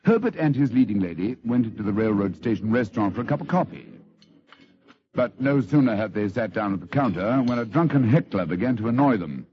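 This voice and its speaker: A man's voice: fairly low pitch, lively intonation, brisk. A man telling a story in scripted radio narration, dramatic and theatrical, on a lo-fi old radio recording.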